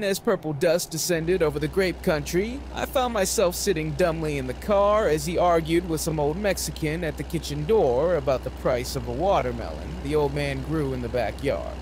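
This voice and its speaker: A man reading a novel aloud as narrator, with an expressive delivery. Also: on the high side, slight background noise. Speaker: audiobook narrator.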